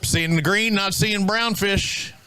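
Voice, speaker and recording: A man's voice: high-pitched, slow pace, sharp tone, poor audio. A man emceeing a live outdoor fishing weigh-in, bantering and teasing the anglers in an upbeat way. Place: outdoor lakeside weigh-in stage.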